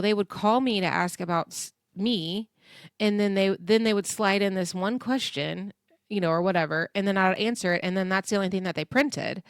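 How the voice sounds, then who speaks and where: A woman hosting a casual recap podcast, chatty and animated, often laughing and acting out quotes in other voices. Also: on the low side, clear, resonant tone, dry recording, studio quality. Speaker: podcast host recapping a reality show. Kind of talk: casual chat.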